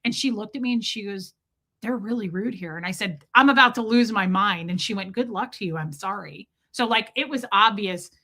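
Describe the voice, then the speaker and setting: A woman vlogger telling a story in a casual, animated way, acting out the quoted voices and swearing when she gets worked up. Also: mid-range voice, fairly quick, husky.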